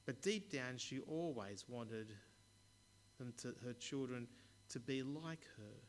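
A man preaching a sermon, telling stories in a measured way with occasional stumbles. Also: medium pitch, lively intonation. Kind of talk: sermon with storytelling.

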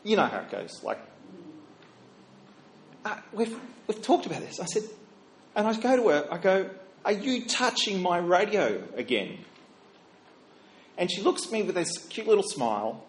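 A man's voice: high-pitched, very animated, normal speed, pauses often, a little mellow. A middle-aged man, a minister, preaching a sermon in a chatty storytelling way, with fillers and self-corrections.

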